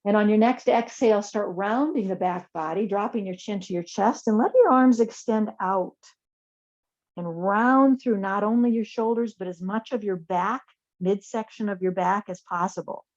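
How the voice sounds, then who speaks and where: A woman teaching a chair yoga class, giving calm, soothing spoken guidance through breath and poses. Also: mid-range voice, moderate pace, lo-fi sound.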